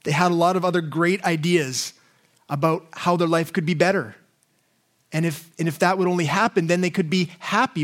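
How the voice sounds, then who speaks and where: A man's voice: on the high side, steady tone, moderate pace, fairly bright tone. A man preaching a sermon in an earnest way, often repeating words and asking his listeners questions.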